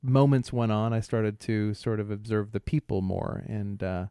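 A man co-hosting a podcast, telling a rambling story in casual chat, halting often, laughing, and imitating bystanders' voices. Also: fairly low pitch, dark tone, smooth, no echo, clean studio sound. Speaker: podcast co-host.

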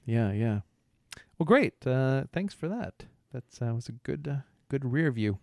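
A man's voice: mid-range voice, very animated, takes it slowly, gravelly, darkish tone, no room sound, clean studio sound. A man co-hosting a podcast in casual chat, joking around and often stumbling and restarting his words. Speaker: podcast co-host.

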